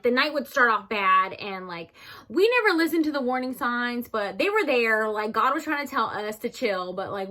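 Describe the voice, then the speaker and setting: A young woman telling a story casually to her viewers, chatty, calling them "you guys" and loudly acting out what people said. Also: mid-range voice. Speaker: storyteller vlogger.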